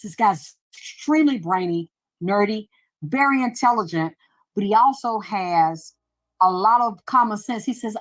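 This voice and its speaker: A woman's voice: mid-range voice, low-quality recording. A middle-aged woman hosting a casual show, talking bluntly and profanely as she tells a story and acts out both sides of a conversation. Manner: blunt, profane, animated storytelling with quoted exchanges. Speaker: show host. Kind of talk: casual monologue.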